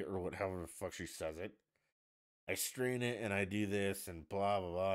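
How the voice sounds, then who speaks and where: A man's voice: sits low, normal speed. A man hosting a stream in a casual, blunt rant, swearing freely. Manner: profane, blunt, ranting. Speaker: livestream host. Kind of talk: casual ranting chat.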